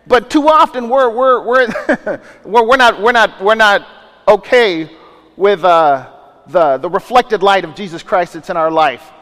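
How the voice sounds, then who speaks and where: A man's voice: high-pitched, measured pace, a bit bright. A male pastor preaching a sermon in a conversational way, asking rhetorical questions and restarting his sentences often. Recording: long reverb of a large hall.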